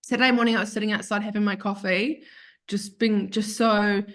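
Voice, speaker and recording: A woman's voice: medium pitch, steady tone, a little fast. A woman, a podcast guest, telling a heartfelt personal story in a rambling, self-correcting way that turns tearful at times. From Australia.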